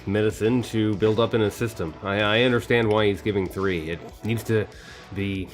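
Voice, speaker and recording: A man's voice: lowish voice, fairly even intonation, moderate pace. A man playing a tabletop game in character, reassuring others in a stammering, soothing way. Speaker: player. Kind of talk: in-character tabletop role-play.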